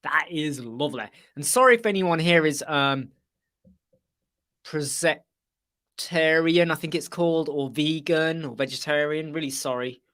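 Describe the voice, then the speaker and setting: A man's voice: fairly high pitch, unhurried, fairly bright tone. A man hosting a live web chat, rambling casually and mimicking other people's voices as he tells anecdotes.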